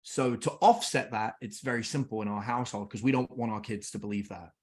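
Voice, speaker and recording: A man's voice: fairly low pitch, a little fast. A middle-aged English man, a podcast guest, telling casual stories and acting out conversations with his kids. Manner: lively anecdotes, acts out family dialogue. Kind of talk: casual storytelling.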